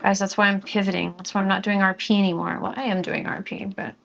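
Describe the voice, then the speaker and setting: A woman's voice: mid-range voice, little pitch movement, gravelly, fairly bright tone, dull audio, slight background noise. A young woman chatting playfully with her viewers as she cooks on a live stream, close to the mic. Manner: chatty and playful, jokes with chat, quickens when flustered. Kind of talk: casual live-stream chat while cooking. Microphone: close studio mic.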